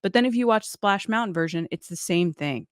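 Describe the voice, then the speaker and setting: A woman co-hosting a casual podcast chat, bubbly and quick to laugh. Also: on the low side, lively intonation, dry recording, clean studio sound. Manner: bubbly, laughs often, slips into voices. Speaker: podcast co-host.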